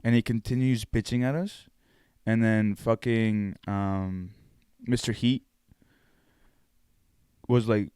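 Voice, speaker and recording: A man's voice: on the low side, steady tone, slow, pauses often, darkish tone, clean tone, no room sound. A young man co-hosting a podcast, telling stories in casual, swear-filled bro talk. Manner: swearing, storytelling, laid-back bro talk. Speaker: podcast co-host. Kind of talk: casual chat.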